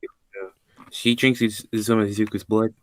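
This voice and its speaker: A man's voice: fairly low pitch, flat delivery, moderate pace, dry recording. A young man in casual chat, joking and chiming in with offhand comments. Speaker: co-host.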